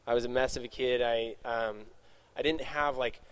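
This man works as a youth speaker, telling young adults about his life in a casual Q&A. His mid-range voice is steady and clean, and his talk rambles, with frequent self-corrections and quick asides.

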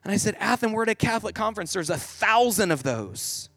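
Earnest high-voiced male Catholic speaker. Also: sing-song, fast talker, fairly bright tone, husky, no room sound. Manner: earnest, vivid storyteller, frequent "like". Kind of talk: storytelling sermon.

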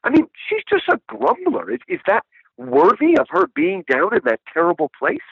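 A man's voice: very high-pitched, wildly swooping pitch, moderate pace, vocal fry, breathy edge, no room sound, voice pushed up, exaggerated voice. A man voicing a puzzled male traveler asking earnest questions, over a dull, dry lo-fi recording. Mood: bewildered.

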